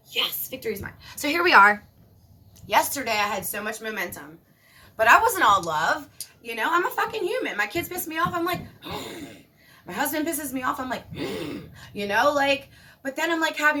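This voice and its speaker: A woman giving a casual spiritual monologue, animated and emphatic, swearing casually. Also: fairly high pitch, a little hiss or hum. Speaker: spiritual vlogger.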